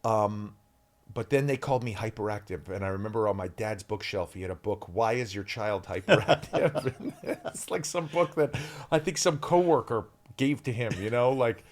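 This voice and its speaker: A man in his fifties, an actor guest telling stories in a podcast interview, animated and full of ums, acting out shouted quotes. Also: lowish voice, moderate pace.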